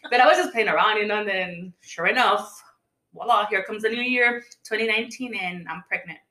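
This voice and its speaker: Woman telling stories on a podcast, bright forceful tone, does little voices when quoting ppl, roomy echo. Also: medium pitch, fairly quick. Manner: chatty storytelling, acting out quoted voices. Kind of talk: casual chat. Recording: echoey room.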